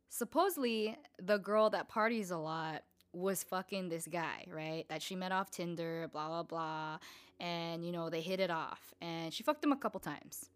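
A young woman hosting a casual storytelling podcast, chatty and profane, full of fillers, acting out the people she quotes with swings in pitch and loudness. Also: a little slow. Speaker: podcast host.

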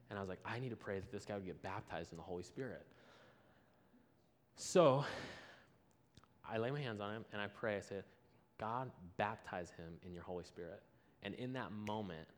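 A man's voice: mid-range voice, a bit bright. A man preaching a sermon, telling a story and acting out both people in the conversation.

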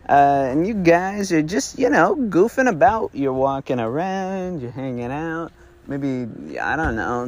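Man host, off-the-cuff storyteller, loose and rambling, mid-pitched, faint music behind. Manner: rambling, self-correcting, swears casually. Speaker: podcast host. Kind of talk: improvised storytelling.

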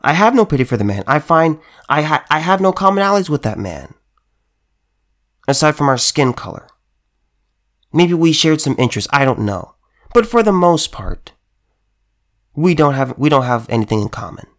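A political commentator with a slightly high, fairly bright voice and big pitch swings speaks at a normal speed, pausing often. His monologue is emphatic and heated, with repeated phrases and stumbling restarts.

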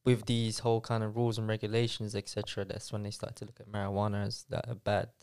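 A man co-hosting a podcast, thinking out loud with restarts and slang. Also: lowish voice, monotone, quick pace, clean tone. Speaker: podcast co-host. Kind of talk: casual chat.

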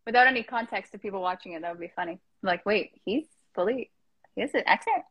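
A woman guest on a casual live stream chat, talking in an animated, rambling way and laughing often. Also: mid-range voice, fast, husky, no echo, muffled recording. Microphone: Instagram Live stream.

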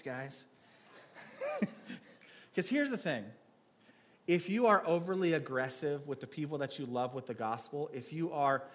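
A man gives a laid-back sermon in church, talking like he's swapping stories with friends. His voice sits a little high for a man, and he jokes and restarts phrases as he goes. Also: fairly bright tone. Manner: joking, storytelling, frequent restarts. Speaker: preacher. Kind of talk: casual conversational sermon.

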